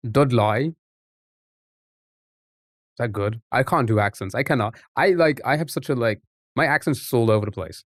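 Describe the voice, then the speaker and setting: A man of middle pitch chats his way through a live game stream, rambling and restarting his sentences as he goes. His voice sits close to the mic, dry and free of room sound. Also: lively intonation, fairly quick, a bit bright, no room sound. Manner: rambling, chatty, trips over words. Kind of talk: casual live-stream chat.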